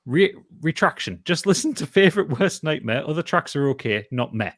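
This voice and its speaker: A man's voice: on the high side, big pitch swings, fairly bright tone, no echo, clean studio sound. Northumbrian man hosting a podcast. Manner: halting, with frequent restarts when reading aloud. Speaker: podcast co-host reading listener posts. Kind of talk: casual podcast chat.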